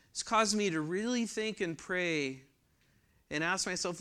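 Slow, clear-voiced male preacher. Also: fairly high pitch. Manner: preaching verse by verse with asides, rising louder when reading scripture. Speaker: pastor. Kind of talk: sermon.

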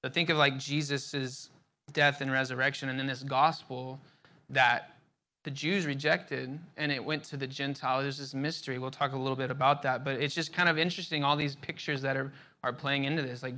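A man's voice: mid-range voice, bright, forceful tone. A young man teaching a Bible passage in a loose, conversational way, full of fillers and restarts. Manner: conversational, many fillers and repeated words.

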